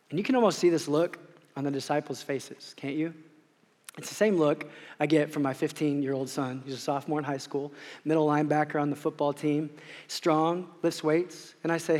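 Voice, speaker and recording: A man's voice: on the high side, brisk. A man in his forties preaching a sermon as pastor, impassioned and building to urgent repeated questions. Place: church sanctuary. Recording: long hall reverb.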